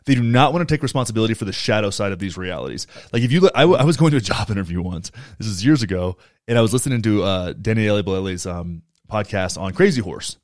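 Man, young adult, casual podcast talk, emphatic and profane, rapid delivery. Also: lowish voice, animated, darkish tone, no room sound, studio quality. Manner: profane, heated and emphatic, frequent restarts.

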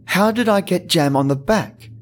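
A man voicing a curious, friendly young child in a spooky story, eager and bright in manner. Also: a little high, moderate pace, distant mic, a little hiss or hum, lightly acted.

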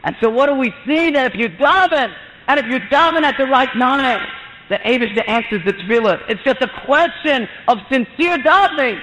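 A man who works as a mohel, telling an inspirational religious story with animated delivery and acted-out quoted voices. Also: moderate pace, a little hiss or hum. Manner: animated, acts out quoted voices with rising pitch. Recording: muffled lecture in a reverberant hall.

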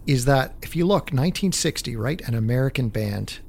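A man from Canada, a music director, co-hosting a casual, relaxed chat about music history. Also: medium pitch, fairly quick, creaky, slight background noise.

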